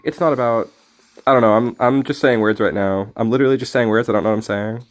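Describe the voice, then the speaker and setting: A man's voice: medium pitch, fast, faint music behind. A man streaming a card game, rambling in casual commentary with jokey, self-mocking asides.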